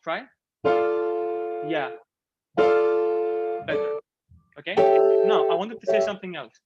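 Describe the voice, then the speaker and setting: A man, teaching an online piano masterclass, gently encouraging and singing phrases and counting beats aloud. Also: high-pitched, takes it slowly. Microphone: video call. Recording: muffled video call with piano.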